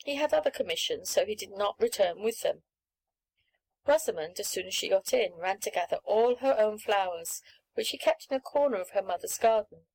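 A woman narrating a classic children's story in a clear, even, unhurried reading. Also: mid-range voice, poor audio.

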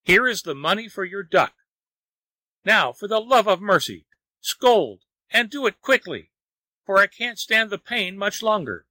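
A desperate, begging lazy man from a folk tale, as a male reader puts him on. His voice rides high and bright, wailing and pleading. The recording is dry and close. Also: big pitch swings, unhurried, dry recording, exaggerated voice.

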